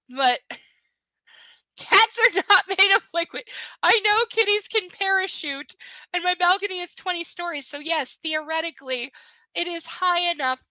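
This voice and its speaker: Her voice is very high-pitched, pushed, and bright, captured in a rough recording without room sound. A streamer reading aloud, she chats loosely and playfully, drifting now and then into baby talk aimed at her pets.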